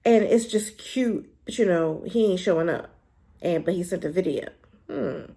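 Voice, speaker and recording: A woman giving a casual, animated spoken review of a drama, talking in a colloquial, emphatic way. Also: moderate pace, vocal fry. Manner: animated, emphatic, colloquial with pitch jumps when worked up.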